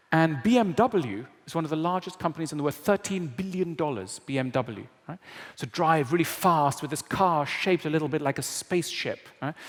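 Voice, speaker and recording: A man lecturing to a live audience in a large hall, his voice a little higher than most men's and trailing off in a long reverb. He talks in a wry, conversational way, tossing in quick tag questions. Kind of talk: public lecture.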